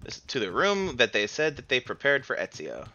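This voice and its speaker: A man's voice: mid-range voice, wildly swooping pitch, normal speed, pushed and bright, highs cut off. A young man streaming a video game, rambling and joking in casual commentary. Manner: rambling, self-deprecating, joking. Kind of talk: casual let's-play commentary.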